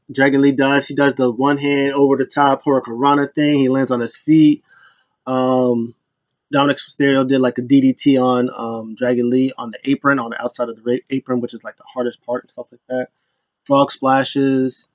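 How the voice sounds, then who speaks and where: A man recaps wrestling in a loose, rambling way, acting out the lines people said. His voice sits at a middling pitch. The sound is dry, with no room echo. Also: lo-fi sound. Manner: loose, rambling retelling that acts out quotes.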